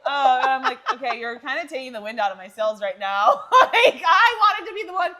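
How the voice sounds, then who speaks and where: A woman co-hosting a podcast, telling travel stories in casual chat, animated and laughing often. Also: sits high, a little fast. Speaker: podcast co-host.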